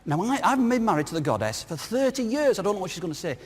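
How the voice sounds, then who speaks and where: His voice sits high and swings widely in pitch, fast and a little breathy. He is a northern English man giving a light-hearted, story-driven conference talk and questioning his listeners. Recorded on a lapel mic, the large audience-filled hall adds plenty of reverb.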